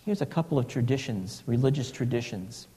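A man preaching a sermon, slow and reflective, sometimes dropping to a hushed, breathy tone. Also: medium pitch, animated, big-room sound.

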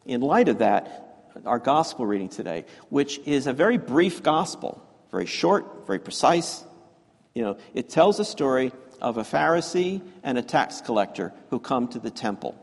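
Speaking at a moderate pace with a breathy edge, a man with a mid-range, sing-song voice tells a children's story as part of his sermon. He's a pastor in a church sanctuary, and his delivery is chatty and self-deprecating with plenty of fillers and restarts, all recorded in an echoey hall.

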